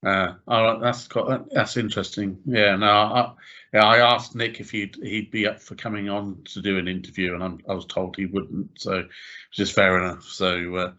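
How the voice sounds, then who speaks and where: A man's voice: lowish voice, little pitch movement, moderate pace, pushed and bright, highs cut off. A man hosting a podcast in casual chat, hesitant and agreeable, often restarting his sentences and using lots of fillers.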